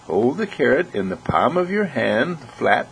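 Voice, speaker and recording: A man's voice: medium pitch, big pitch swings, measured pace, creaky, a little hiss or hum, voice pushed up. A man voicing a friendly horse who kindly explains how to feed it a carrot. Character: friendly horse giving careful advice.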